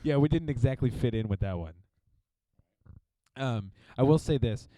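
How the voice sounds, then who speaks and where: A young man trades road stories on a comedy podcast, animated and quick to slip into mocking impressions. His voice sits in an ordinary middle register. The recording is dry and close, with no room sound. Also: medium pitch, no room sound. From Missouri. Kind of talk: casual comedic chat.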